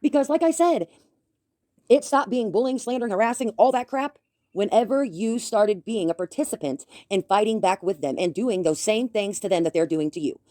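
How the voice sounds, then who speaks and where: A woman rants at someone, scolding and confrontational, with a slight lisp from a bitten tongue. Her voice is mellow and dark, and the recording is close and dry with no room sound. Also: mid-range voice, expressive, moderate pace, dry recording. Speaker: commentary YouTuber. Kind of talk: ranting commentary.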